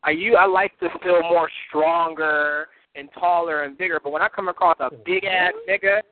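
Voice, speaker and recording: A man's voice: fairly high pitch, fairly even intonation, normal speed, no room sound. A man in heated, profane trash talk, boastful and laughing between insults. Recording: tinny phone-like line.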